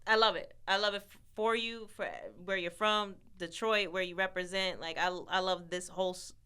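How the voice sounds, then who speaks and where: A woman's voice: medium pitch, fairly even intonation, normal speed, sharp tone, clean tone. A woman hosting a casual interview, reacting with enthusiasm, jumping in with questions and laughing. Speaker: podcast host.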